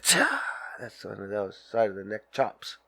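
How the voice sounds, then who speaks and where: A man's voice: lowish voice, flat delivery, moderate pace, creaky, darkish tone, dry recording. A man hosting a casual podcast, ranting in a crude, profane, rambling way and acting out little scenes while smoking a joint. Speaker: podcast host. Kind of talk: casual solo podcast rant.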